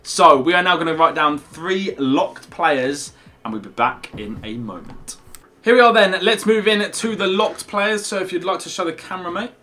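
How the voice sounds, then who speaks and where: A man's voice: high voice, lively intonation, moderate pace, bright, forceful tone. A young man hosting a gaming video, chatty and upbeat, often calling his co-host "mate". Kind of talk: casual gaming video commentary.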